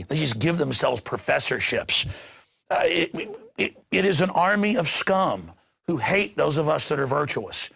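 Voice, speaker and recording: A man hosting a news commentary show, ranting with passion and bursting into shouts. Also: medium pitch, creaky, no echo, studio quality. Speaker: talk show host. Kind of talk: heated news commentary monologue.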